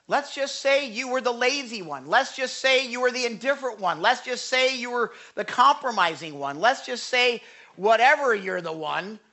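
Bright, impassioned male preacher. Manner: impassioned, rising to high urgent pleas then dropping low and quiet. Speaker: pastor. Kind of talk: sermon. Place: church without a microphone.

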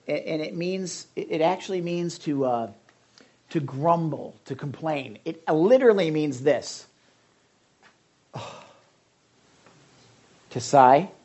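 A man's voice: on the high side, dark tone. A male pastor giving a conversational sermon, calling on listeners by name.

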